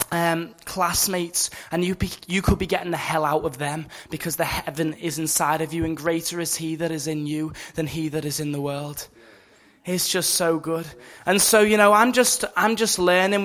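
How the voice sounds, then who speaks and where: A man's voice: a little high, fairly bright tone. A young man giving an earnest, informal sermon testimony to students as a Christian speaker, casual and full of fillers. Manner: earnest, casual, many fillers like "you know" and "just". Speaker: Christian speaker at a campus meeting.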